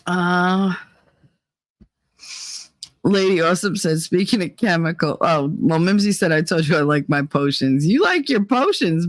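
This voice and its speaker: A woman hosting a casual live chat, reading viewer comments aloud and laughing often as she tells animated stories. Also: lowish voice, no echo. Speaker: host.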